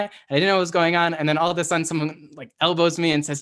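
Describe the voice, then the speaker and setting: Very fast and with hardly any pauses, a man with a high-ish, steady, clean, slightly bright voice delivers a casual Hebrew lecture. He keeps it conversational, restarting sentences to correct himself and asking "right?" often.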